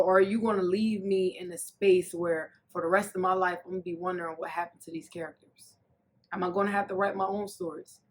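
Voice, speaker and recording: A woman hosting a casual TV recap, talking in a sassy, animated way that swings between loud jokes and soft, earnest asides. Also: mid-range voice. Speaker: recap host.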